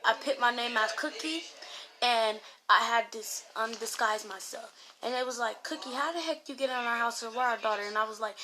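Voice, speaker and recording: A woman telling a casual story about an online game in a rambling way, getting louder when she quotes other people. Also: fairly high pitch. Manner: rambling retelling with raised voice when quoting others.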